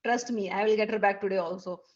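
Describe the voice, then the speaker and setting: A woman's voice: medium pitch, fairly even intonation, quick pace, dull audio, natural voice. A woman voicing a confident, reassuring girl friend.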